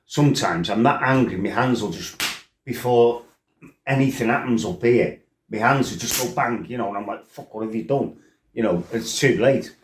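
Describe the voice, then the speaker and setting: A man's voice: medium pitch, moderate pace, reverberant, slight background noise. A man with a blunt, sweary, rambling way of telling stories in a casual chat. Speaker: storyteller. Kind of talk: casual storytelling.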